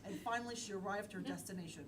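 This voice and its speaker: A woman's voice: medium pitch, racing, background noise. A woman improviser narrating a comic story on stage in a chatty way. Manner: chatty, self-interrupting narration. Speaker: improv performer. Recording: distant mic with faint ambience.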